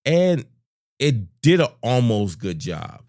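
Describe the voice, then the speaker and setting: A man's voice: medium pitch, very animated, takes it slowly, darkish tone, no room sound, studio quality. A man as a podcast guest, talking in an easygoing, hesitant way with lots of restarts. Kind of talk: casual chat.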